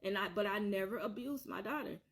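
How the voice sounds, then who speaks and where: A woman's voice: mid-range voice, brisk. A woman telling her own painful story on a vlog, earnest and repetitive, circling back to the same points. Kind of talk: emotional personal storytelling.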